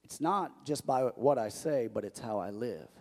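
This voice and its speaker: A man preaching a sermon as pastor, telling stories in an animated, restarting way. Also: mid-range voice, normal speed. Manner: animated storytelling with many restarts. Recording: long church hall reverb.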